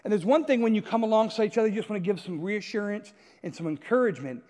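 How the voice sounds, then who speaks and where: High-voiced pastor in a reverberant hall. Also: male voice, fast, dark tone. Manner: storytelling, often checks in with "right?". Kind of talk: conversational sermon.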